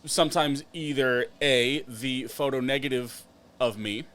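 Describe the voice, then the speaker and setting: A man's voice: medium pitch, unhurried, fairly bright tone. A man co-hosting a podcast in casual chat, joking and poking fun at himself, often trailing off into fillers. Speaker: podcast co-host.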